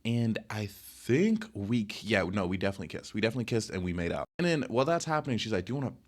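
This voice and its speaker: Animated rambling young man telling stories. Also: on the low side, fast talker. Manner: rambling, animated, many fillers. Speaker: podcast host. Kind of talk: casual storytelling.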